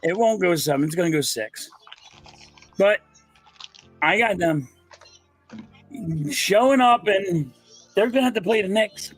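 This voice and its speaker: A man's voice: high voice, lively intonation, unhurried, pauses often, breathy edge, faint music behind. A man co-hosting a casual sports debate, making insistent, emphatic predictions. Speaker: co-host.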